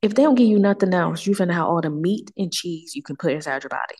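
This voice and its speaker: Low-pitched woman, podcast guest, animated storyteller, slangy, does voices for quotes. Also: fast talker, slightly rough. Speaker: wine tour guest. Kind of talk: casual podcast chat.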